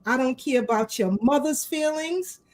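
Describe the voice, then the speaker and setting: A woman hosting a casual live talk show, animated and fired up, greeting her viewers with shout-outs. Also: high-pitched, moderate pace, rough recording. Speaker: host.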